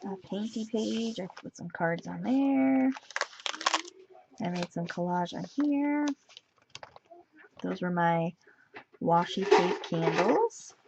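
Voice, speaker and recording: Her medium-pitched voice has vocal fry, and she takes her time, pausing frequently. She's a vlogger rambling through a casual show-and-tell of her journal at home, somewhat tired and sneezy. Expect dull lo-fi sound and constant background noise.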